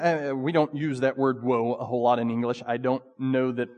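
A man preaching a sermon in a conversational, animated way. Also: medium pitch. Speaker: pastor. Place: church sanctuary. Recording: long reverb of a church hall.

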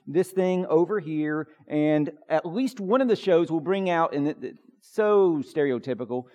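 A man preaches in a high-pitched voice. He talks to the congregation casually and jokes easily, then presses hard on his key points. The sanctuary gives a long, ringing reverb. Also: measured pace, darkish tone. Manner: conversational, joking, building to emphatic peaks. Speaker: pastor. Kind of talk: sermon. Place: church sanctuary.

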